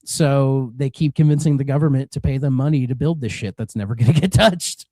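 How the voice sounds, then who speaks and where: A man's voice: mid-range voice, fairly quick, warm tone, no echo. A man co-hosting a retro game podcast in casual, rambling chat, swearing and drifting into rants. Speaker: podcast co-host.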